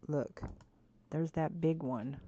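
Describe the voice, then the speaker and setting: A woman streaming a game and chatting to viewers, swinging between frustrated muttering and excited squeals. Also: sits low, takes it slowly, a little hiss or hum. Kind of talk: casual gameplay chat. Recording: dull lo-fi stream audio.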